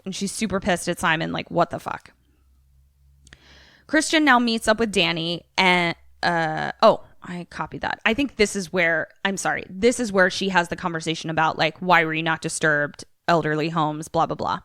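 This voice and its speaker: A woman's voice: lowish voice, smooth, dry recording, studio quality. A young adult woman, a podcast co-host, casually recapping a film and acting out the characters' lines. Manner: animated storyteller, acts out characters' lines.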